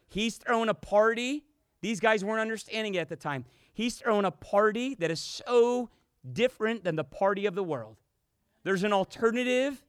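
A man with a high, ringing voice preaches a fervent sermon, building to loud emphatic peaks and then dropping to near-whispers. The sound is dry and close, with almost no room echo around him. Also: normal speed, clear, resonant tone. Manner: impassioned preaching that swings from loud to hushed. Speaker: pastor.

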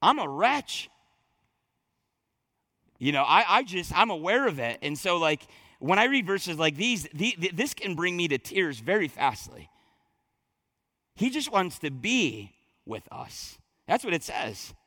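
A man's voice: high voice, sing-song, normal speed, sharp tone, no echo. A man, a pastor, preaching a conversational sermon with frequent restarts and casual asides to his congregation.

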